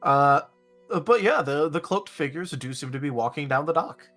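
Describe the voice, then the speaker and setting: A man narrating as game master in a tabletop game, in a relaxed, unhurried way. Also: a little high, soft background music.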